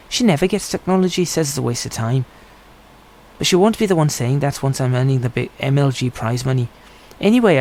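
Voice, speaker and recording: A man's voice: on the high side, a little mellow, a little hiss or hum, close to an everyday voice. A man voicing a chatty young Irish male gamer customer in a put-on Irish accent.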